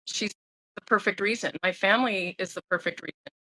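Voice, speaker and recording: A woman's voice: mid-range voice, brisk, pushed and bright, low-quality recording. A woman of sixty talking candidly and emotionally as an interview guest, often restarting her sentences. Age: 60s. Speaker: guest sharing her sobriety story.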